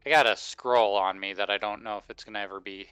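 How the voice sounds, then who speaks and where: A man's voice: fairly low pitch, fairly even intonation, fast talker, fairly bright tone, smooth, no room sound, faint music behind, poor audio. A man playing a tabletop game, speaking hesitantly and thinking aloud with many fillers. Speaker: player.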